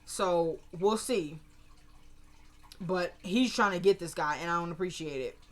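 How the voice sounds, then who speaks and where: A young woman giving a casual, opinionated recap of a TV episode, acting out the characters' lines in quick quoted bits. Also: lowish voice. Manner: animated, retells scenes in quoted voices, opinionated. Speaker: show recapper.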